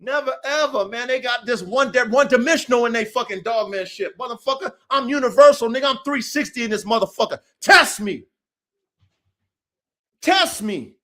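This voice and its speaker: High-voiced man ranting, boastful and profane. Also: lively intonation, moderate pace, bright, forceful tone. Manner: boastful, combative, repetitive rants. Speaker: podcast host, dog breeder.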